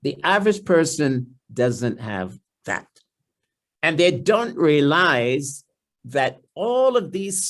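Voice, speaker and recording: A man with a Trinidadian accent, a guest speaker at a church family series, explaining and often repeating words and restarting, and dropping into a lower, softer voice when he voices someone's inner thoughts. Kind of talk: seminar-style talk in church.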